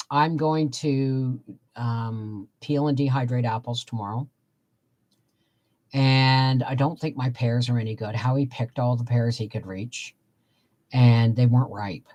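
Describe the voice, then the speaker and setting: Older lady chatting on a live stream, reading out comments and answering them, homey and rambling. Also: a bass voice. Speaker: homestead livestream host. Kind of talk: casual live-stream chat.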